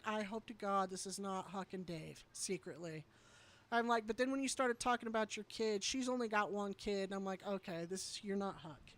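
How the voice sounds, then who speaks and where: A woman variety streamer telling a story to her chat in a blunt, heated way, swearing freely. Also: mid-range voice.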